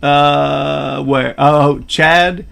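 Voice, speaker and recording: A man's voice: fairly high pitch, steady tone, very slow, creaky, fairly bright tone. Laid-back joking male streamer. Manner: laughing, joking, swearing. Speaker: streamer host. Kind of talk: casual gaming stream chat.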